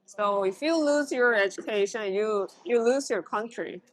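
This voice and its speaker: A woman's voice: mid-range voice, measured pace. A woman from Korea with a Korean accent, co-hosting a casual conversation in simple, frank, broken English. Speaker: co-host.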